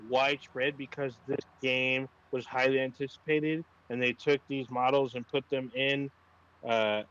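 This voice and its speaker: A man's voice: medium pitch, flat delivery, unhurried, fairly bright tone, smooth, lo-fi sound. A man co-hosting a casual gaming chat, rambling with lots of fillers and swearing. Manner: rambling, profane, frequent fillers. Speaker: podcast co-host.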